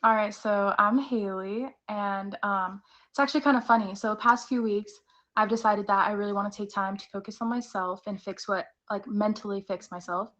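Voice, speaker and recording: A woman's voice: medium pitch, fairly even intonation, normal speed, fairly bright tone. A woman in her twenties, a guest on a tarot show, nervous but eager and chatty. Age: 20s. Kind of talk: casual chat.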